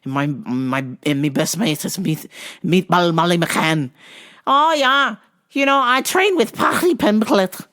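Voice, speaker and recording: A man's voice: lively intonation, a little slow, full character voice. A man putting on a Liverpool accent to play a brash young male cage fighter, boisterous and cocky. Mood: rowdy. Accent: attempted Liverpool. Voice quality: loud, much higher than his own voice.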